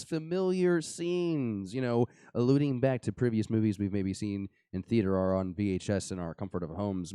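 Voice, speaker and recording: A young man hosts a podcast in a mid-range voice with a warm, clean tone, chatting casually and jokingly in a live-show style. He uses lots of fillers and restarts, and the dry recording is studio quality.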